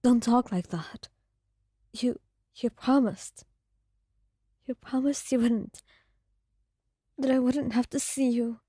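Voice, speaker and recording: A woman's voice: a little high, steady tone, slow pace, long pauses, warm tone, husky, dry recording, studio quality, voice pushed up. Crying young man, whispered by a woman; frantic, stammering whispered role-play. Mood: panicked.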